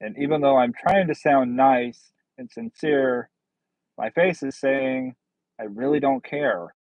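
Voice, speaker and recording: A man's voice: mid-range voice, lively intonation, slow pace, darkish tone, dry recording, rough recording. A man hosting a casual livestream, chatting with viewers in a blunt, sardonic, rambling way. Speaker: livestream host. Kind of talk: casual livestream chat reading comments.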